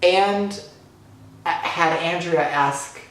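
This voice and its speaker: A young man vlogger excitedly retelling a fan encounter story, gushing and breathless, full of fillers. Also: fairly high pitch, extremely slow. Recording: very echoey room.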